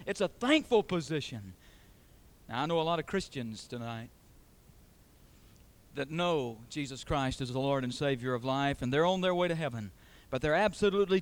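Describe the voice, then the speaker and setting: Pastor guy preaching, kinda high voice, hammers points with repeated lines. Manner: emphatic, builds through repeated phrases. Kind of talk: sermon.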